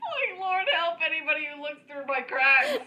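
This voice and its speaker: A woman co-hosting a podcast, telling funny stories in casual chat and giggling through them. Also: sits high. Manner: giggly, drawn-out storytelling. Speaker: podcast co-host.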